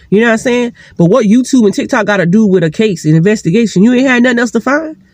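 A woman vents to her vlog camera in a rapid, heated rush, swearing freely and stressing her points hard. Her voice sits close and dry, with no room sound around it. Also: mid-range voice, darkish tone, no echo. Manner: heated, profane, emphatic. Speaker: single mother vlogger. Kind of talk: venting vlog monologue. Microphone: sitting, talking straight to camera.

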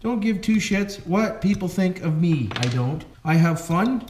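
Unhurried and expressive, his voice sits high with a darkish tone. This Canadian man jokes casually while working on a toy truck for his hobby channel, keeps saying "boys" and "why wouldn't we," and records in an echoey room with background noise.

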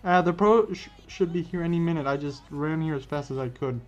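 A man voicing an eager teenage boy hero who talks in a rushed, apologetic way. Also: fairly high pitch, close to an everyday voice. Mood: earnest. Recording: dull lo-fi with faint music.

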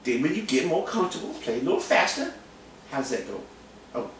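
A man's voice: on the high side, big pitch swings, a little fast, very noisy. A man giving a goofy, casual drum lesson, joking and repeating himself in mock-boastful bursts. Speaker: drum teacher. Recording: very echoey room, camera mic from a distance.

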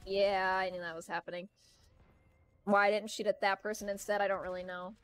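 A woman's voice: mid-range voice, flat delivery, brisk, a bit bright. A young woman chatting casually and rambling while streaming a video game, laughing often. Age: young adult. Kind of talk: casual gaming stream chat.

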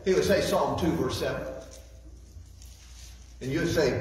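A man's voice: high-pitched, big pitch swings, unhurried, long pauses, darkish tone, a little hiss or hum. A man preaching a sermon as a guest speaker, repeating key phrases and reading scripture aloud. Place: church sanctuary. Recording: echoey hall, voice from far off.

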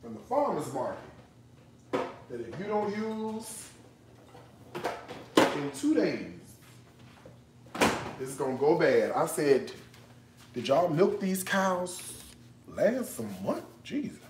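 A man's voice: high-pitched, big pitch swings, slow pace, long pauses, echoey room, heavy background noise. A man hosting a casual cooking livestream, chatty and joking, breaking into laughter as he talks. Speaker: cooking show host.

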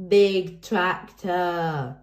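A gleeful toddler boy piglet from a storybook, voiced by a woman reading aloud. He speaks in short, slow bursts of baby talk, a little louder than the narration. A roomy echo surrounds the voice. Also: fairly low pitch. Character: toddler boy piglet who loves tractors.

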